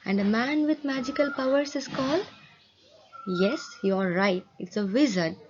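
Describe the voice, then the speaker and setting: Woman, English teacher, patient, explains to children, asks questions, slightly high pitch, dull sound. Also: expressive, unhurried. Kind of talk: explaining a textbook story to children.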